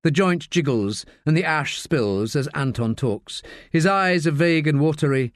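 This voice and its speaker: A man narrating a crime audiobook in an expressive, measured way. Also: fairly high pitch, no echo, clean studio sound.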